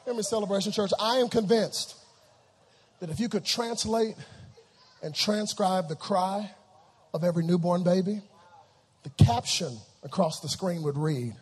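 High husky preacher man in his 30s, big call and response, sermon in a church. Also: normal speed, long pauses. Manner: dramatic, call-and-response preaching, swings from hushed to shouting. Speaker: pastor. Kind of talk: live sermon.

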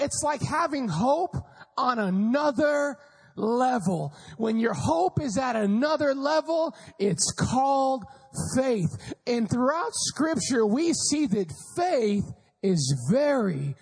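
A man preaching a sermon, telling a story and often shouting with passion. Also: very high voice, animated, slow, slightly rough. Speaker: pastor. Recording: echoey hall.

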